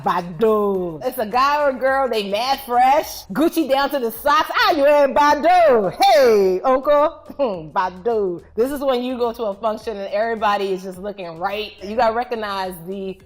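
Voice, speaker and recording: A woman's voice: mid-range voice, moderate pace, soft background music. A woman in a comedy clip explaining slang in a playful, teasing way with mock-dramatic asides.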